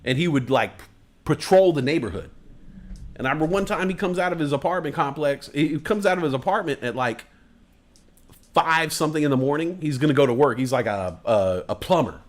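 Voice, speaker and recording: A man on a live stream telling a profane story in a loose, animated way, peppered with "like". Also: a little high, brisk. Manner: animated, profane, lots of "like" fillers.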